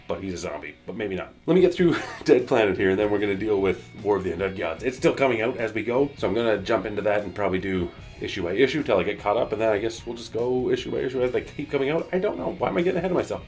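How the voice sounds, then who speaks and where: A man's voice: fairly low pitch, animated, fast, darkish tone, soft background music. A man casually recapping a comic book for his channel, rambling and correcting himself as he goes.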